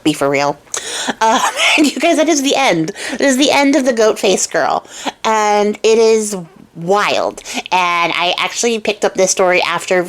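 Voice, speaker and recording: A woman hosting a craft channel who retells a fairy tale in a chatty, wry, casual way and laughs often. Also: medium pitch. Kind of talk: casual storytelling vlog.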